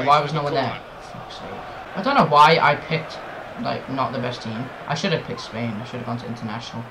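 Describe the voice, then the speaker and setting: A young man doing loud gameplay commentary for a football video game, swearing and shouting at the players. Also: fairly high pitch, creaky, noisy background. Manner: excitable, swears a lot, yells at the game. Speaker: gaming YouTuber. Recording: game music playing behind. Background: soccer game music and commentary.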